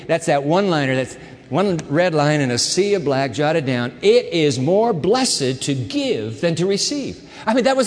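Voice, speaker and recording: Male pastor, fairly high voice, emphatic sermon delivery, long hall reverb. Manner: emphatic preacher, repeats words, swings between quiet and loud.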